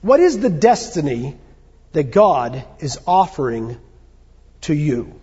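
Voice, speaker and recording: A man's voice: on the high side, sing-song, slow, dark tone, breathy edge. A man preaching a sermon to his congregation, talking conversationally with rhetorical questions and small fillers. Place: church hall. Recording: dull sound with long hall reverb.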